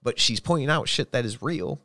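Podcast co-host, man, mid-pitched voice, blunt and profane, dry close sound. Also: lively intonation, fairly quick, pushed and bright, no echo. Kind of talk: casual chat.

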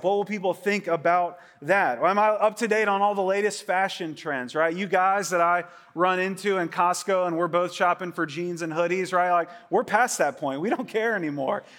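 A man in his late thirties, pitched rather high, preaching a sermon in an easygoing, chatty way. He jokes along and keeps checking in with his listeners with a quick "right?". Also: fairly bright tone. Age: 30s. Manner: conversational, joking, asks the crowd "right?". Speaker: pastor.

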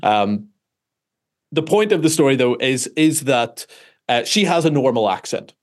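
Northern irish guy, author being interviewed, lively storyteller, keeps restarting sentences, pokes fun at himself. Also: medium pitch, a little slow. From Northern Ireland. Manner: self-deprecating, animated storytelling with many restarts. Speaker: author and guest. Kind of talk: conversational interview answers.

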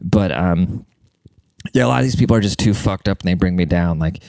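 A man's voice: sits low, a little fast, creaky, a little mellow, no echo. A man ranting in a casual monologue, blunt, profane and mocking.

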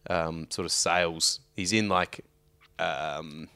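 A man's voice: sits low, steady tone, slow pace, vocal fry, pushed and bright, clean tone, no echo. An Australian man co-hosting a podcast, telling a rambling, profane story in casual chat. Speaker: podcast co-host.

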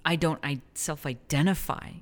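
A woman from New Mexico with a deep voice chats casually on a podcast. She wanders through her thoughts, breaks off mid-sentence and laughs easily. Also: fairly even intonation, normal speed. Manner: rambling, self-correcting, laughs often. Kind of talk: casual conversation.

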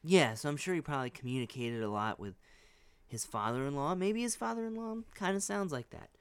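Lively hedging podcast co-host, a man. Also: on the high side, a little fast, clean tone, no room sound. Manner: rambling, hedging, many restarts. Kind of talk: casual chat.

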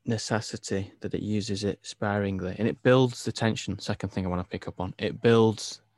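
Opinionated English film podcast co-host, low voice, dead-dry mic. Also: male voice, normal speed, no room sound. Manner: animated, opinionated, laughs easily. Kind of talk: casual film review chat.

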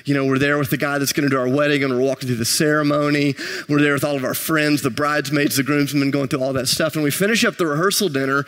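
A male pastor preaches a sermon, his voice pitched a bit high. He tells stories with self-deprecating humor, then builds to rising intensity. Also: steady tone, fast, a bit bright.

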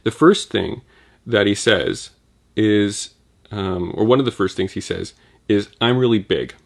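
Low-voiced man teaching casually. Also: measured pace, creaky. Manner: informal, uses "like" a lot. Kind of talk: conversational Bible teaching.

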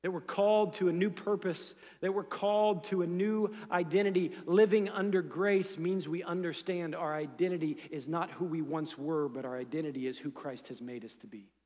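A man with a high, light voice preaches a sermon in a church, chatty and animated, with plenty of fillers and asides. His voice rings out with a long reverb trailing behind it in the big sanctuary. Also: moderate pace, hardly any pauses. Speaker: pastor.

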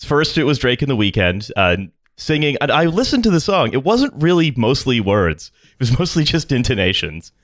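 Podcast host guy, deadpan sarcasm, dead dry sound, normal pitch. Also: moderate pace, hardly any pauses, no room sound. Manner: dry, sarcastic riffing with laughs. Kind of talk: casual comedic chat.

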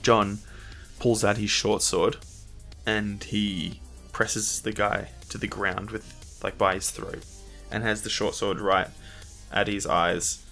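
A man's voice: fairly low pitch, fairly even intonation, takes it slowly, sharp tone, soft background music. A man narrating a tabletop game as game master, describing the scene vividly with fillers.

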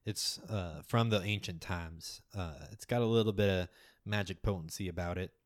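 A man voicing a formal, mysterious male scholar who guides the party, speaking in a measured, somewhat hesitant way. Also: low-pitched, dry recording, studio quality, natural voice. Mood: earnest.

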